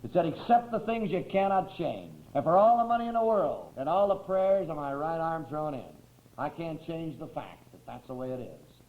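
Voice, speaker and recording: A man telling his recovery story to a meeting in a folksy, wry way, often clearing his throat. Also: on the high side, sing-song, moderate pace. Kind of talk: personal recovery talk. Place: meeting hall with a crowd. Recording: tinny, roomy old tape recording.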